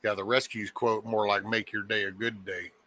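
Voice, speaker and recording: Folksy, rambling man with a bright voice. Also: on the low side, flat delivery, normal speed. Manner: folksy, meandering, joking. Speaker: host of a daily live show. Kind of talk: casual rambling morning chat.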